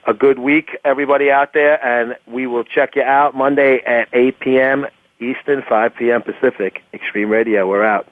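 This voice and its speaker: A man's voice: mid-range voice, fairly even intonation, moderate pace. A man co-hosting a crude radio chat, blunt and heavy on swearing, who also wraps up the show. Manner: blunt, profane, laughing. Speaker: co-host. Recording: tinny phone-like line, dry.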